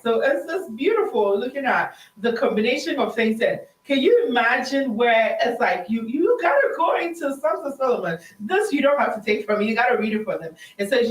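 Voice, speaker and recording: A woman host, teaching on scripture in a chatty way and reading verses slowly with emphasis, laughing often. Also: high-pitched, expressive. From Ghana. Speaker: host of a Christian women's show. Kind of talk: teaching on scripture for a live audience. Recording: roomy sound from a distant mic.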